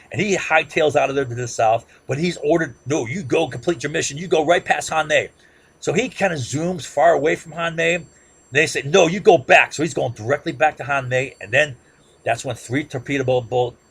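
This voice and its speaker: A man's voice: medium pitch, gravelly, breathy edge. A man giving an impassioned, informal history lecture, emphatic and rambling, who keeps asking "right?". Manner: rambling with frequent restarts and filler. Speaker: political commentator.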